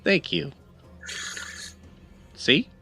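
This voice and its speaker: A man's voice: drawn-out words, bright, forceful tone, faint music behind. A man voicing a tiny, literal-minded robotic construct who talks in a clipped robotic way. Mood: fretful.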